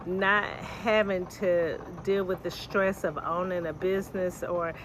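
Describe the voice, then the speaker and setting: A woman's voice: on the low side, fairly even intonation, unhurried. An older woman from the United States giving a plain, matter-of-fact testimonial. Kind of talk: testimonial to camera. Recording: audible background noise.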